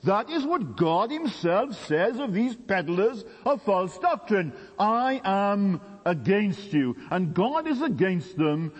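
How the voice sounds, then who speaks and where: Man preaching, high lively voice, emphatic, long hall reverb. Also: unhurried, few pauses, breathy edge. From Britain. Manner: emphatic, with sweeping pitch swings. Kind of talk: sermon.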